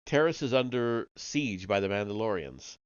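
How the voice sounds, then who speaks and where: A haughty alien art collector with a low voice, sniffy and condescending, as a man reading the story puts him on. He speaks in clipped, superior lines. The sound is dry and a little muffled. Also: expressive, moderate pace, clear, resonant tone, no echo, close to an everyday voice.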